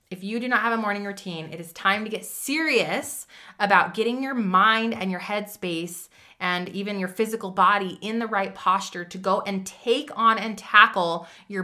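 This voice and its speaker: A woman's voice: medium pitch, pushed and bright. A woman hosting a podcast, giving an emphatic, chatty motivational monologue that speaks straight to the listener. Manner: emphatic, direct, addresses listener as friend; chatty with fillers and restarts. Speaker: podcast host.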